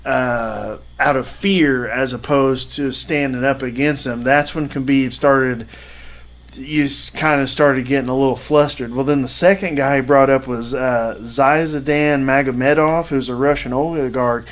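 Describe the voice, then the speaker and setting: A man's voice: mid-range voice, steady tone, a little slow. A man co-hosting a podcast, telling a sports story in casual, rambling chat with lots of "uh" and "you know.". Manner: rambling storytelling with many fillers. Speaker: podcast co-host.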